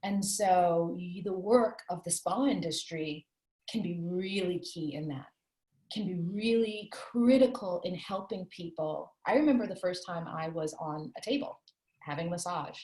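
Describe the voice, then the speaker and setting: A woman's voice: lowish voice, measured pace, dark tone. A woman being interviewed, telling a personal story in an earnest, reflective way. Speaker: author interviewed as guest. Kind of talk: candid conversational interview. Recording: roomy echo.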